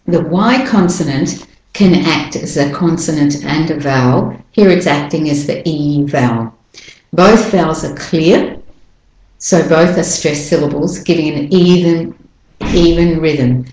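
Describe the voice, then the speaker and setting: A woman giving a spoken pronunciation lesson, slowly and carefully demonstrating individual sounds and syllables. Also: sits low, expressive, a little mellow, roomy sound, low-quality recording. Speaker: pronunciation teacher.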